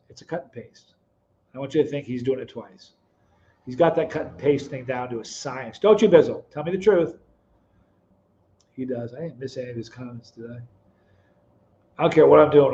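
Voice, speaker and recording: A middle-aged man hosting a live stream, reading chat comments aloud, teasing viewers by name and telling stories in a relaxed, chatty way. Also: mid-range voice, lo-fi sound. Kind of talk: casual chat.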